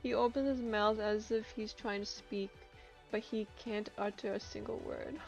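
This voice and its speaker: A woman's voice: medium pitch, steady tone, moderate pace, gravelly, faint music behind. A woman streaming a story game, reading its narration aloud and breaking into laughs and outbursts.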